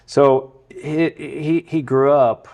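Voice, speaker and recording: A man from the United States, a guest in a casual interview, telling long run-on anecdotes with a relaxed storytelling manner. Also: a little high, slow, creaky. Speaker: podcast guest.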